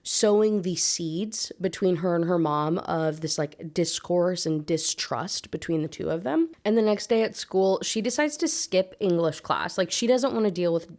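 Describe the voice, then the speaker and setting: A woman's voice: on the low side, normal speed, hardly any pauses, a little mellow. A woman and book reviewer giving a casual, chatty and sarcastic recap of a novel, full of filler words.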